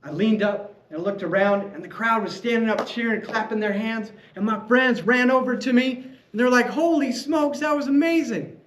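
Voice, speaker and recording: A man with a high voice delivers a prepared speech to a club, telling his story in a lively, playful way. The room is echoey, with a faint hum of ambience behind him. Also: normal speed, few pauses. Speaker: club speaker.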